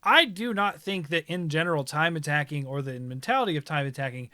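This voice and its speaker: A man hosts a casual talk stream. His voice is bright and a bit higher, with a dry close sound, and he picks his words with care. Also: lively intonation, fairly quick, no echo. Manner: thoughtful, rephrases himself. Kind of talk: casual chat.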